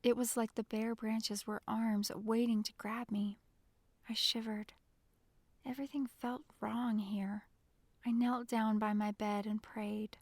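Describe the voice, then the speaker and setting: A woman reading an audiobook in the first person, her delivery soft and full of feeling. Her voice sits fairly high. The studio sound is dry and close. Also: level tone, takes it slowly, dry recording. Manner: emotional, soft-spoken storytelling. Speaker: audiobook narrator. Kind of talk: scripted first-person narration.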